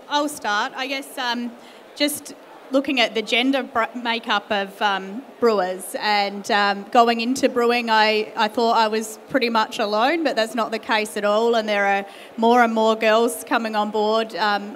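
A woman's voice: fairly high pitch, steady tone, a little slow, fairly bright tone, a little hiss or hum. A woman speaking on a panel as a brewer, enthusiastic with hesitant starts. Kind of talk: panel talk.

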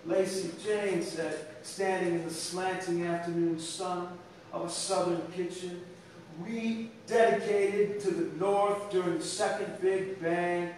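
A man reading his poetry aloud at a live event, in a measured, solemn, unhurried way. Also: high-pitched, a bit bright. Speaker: poet reading his work. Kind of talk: spoken-word poetry reading. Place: indoor live venue. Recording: echoey room, distant mic, faint hiss.

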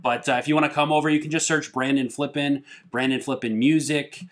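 A man's voice: fairly high pitch, fairly even intonation, a little fast. A young man from Minnesota, a musician, chatting casually and joking with a friend, laughing often. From Minnesota, USA. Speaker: guest, musician. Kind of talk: casual chat.

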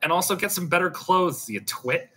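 A man's voice: sits high, expressive, moderate pace, a bit bright, husky, voice pushed up, heavily acted. A man voicing a boastful ancient fae king who is grandly amused, speaking theatrically and laughing as he talks.

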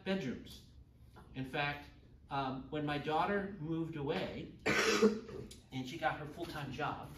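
A man's voice: fairly high pitch, a little hiss or hum. A middle-aged man teaching a church confirmation class in a chatty way, joking with his students. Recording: echoey room, far from the mic.

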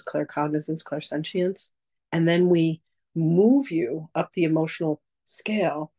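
A woman teaching a casual masterclass, telling stories in a chatty, animated way and acting out quotes. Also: low-pitched, poor audio. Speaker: psychic teacher.

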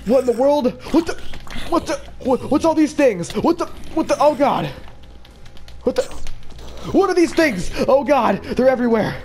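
A man's voice: a little high, lively intonation, measured pace. A man voicing a goofy, easygoing male cartoon dog in a Minecraft role-play, hesitant and stammering. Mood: panicked. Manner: hesitant, stammering, easily confused.

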